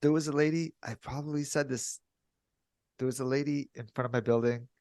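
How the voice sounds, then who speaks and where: A man co-hosting a podcast, telling stories in candid casual chat and acting out cheerful greetings in a higher voice. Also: brisk, dry recording, clean studio sound. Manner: animated storyteller, mimics cheerful greetings in a higher voice. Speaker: podcast co-host.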